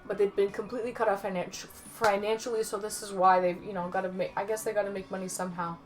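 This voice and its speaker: A woman's voice: mid-range voice, level tone, fast, soft background music. A woman livestreaming and casually answering her chat aloud, rambling and chatty with some swearing. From Canada.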